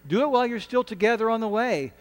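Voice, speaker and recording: A man's voice: extremely high pitch, fast, in a large hall. A man preaching a sermon as pastor, earnest and conversational, often restarting his words. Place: church sanctuary.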